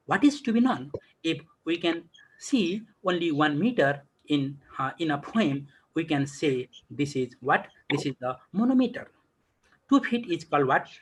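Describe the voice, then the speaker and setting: A man giving an online college lecture over a video call. He keeps asking himself rhetorical questions and answering them, in halting, repetitive phrasing full of fillers. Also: sits high, husky.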